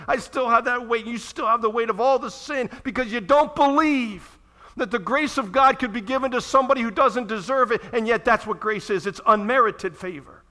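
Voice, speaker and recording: A male pastor preaching a sermon to his church, animated and acting out the voices of people pleading for forgiveness. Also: very high-pitched, normal speed.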